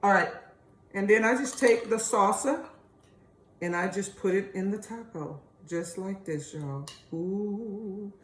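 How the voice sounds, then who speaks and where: A woman's voice: mid-range voice, slow, slight background noise. A woman hosting a casual home cooking video, chatty and homey, calling her viewers y'all. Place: home kitchen. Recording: echoey kitchen room.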